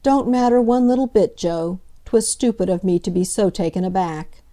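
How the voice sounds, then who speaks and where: A woman's voice: medium pitch, moderate pace, dark tone, natural voice. A woman voicing a nervous middle-aged landlady who speaks in a flustered, colloquial way.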